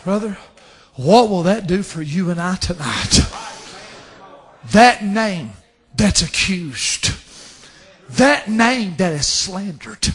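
A man preaching a fervent sermon, dropping to hushed asides and rising to shouted scripture. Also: high voice, big pitch swings, slow, pauses often.

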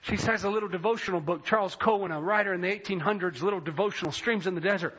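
A man with a very high, bright voice and a husky edge tells his testimony like a preacher. His storytelling is fervent and swells into shouted praise. The recording is muffled and lo-fi. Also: quick pace. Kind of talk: sermon testimony.

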